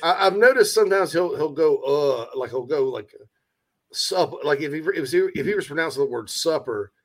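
A man's voice: a little high, fairly quick. Easygoing male sports show host. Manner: relaxed, rambling, with restarts. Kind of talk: casual sports talk, reading viewer chat.

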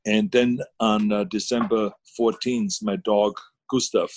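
A man's voice: fairly low pitch, steady tone, a little slow, darkish tone. A man, chatting casually as a guest on a video call, rambling with many fillers and restarts. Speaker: guest, former governor.

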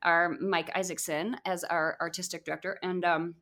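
A woman's voice: fairly low pitch, little pitch movement, normal speed, a bit bright. A woman who performs in musicals, chatting and gushing as a podcast guest, with lots of fillers. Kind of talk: casual chat.

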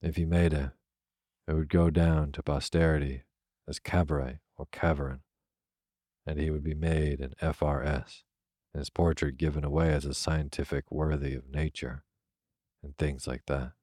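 A man reading a classic novel aloud as a soft, unhurried bedtime story. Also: rumbling low, no room sound, studio quality. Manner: soft, even, unhurried delivery. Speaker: narrator. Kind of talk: slow, soothing sleep-story reading.

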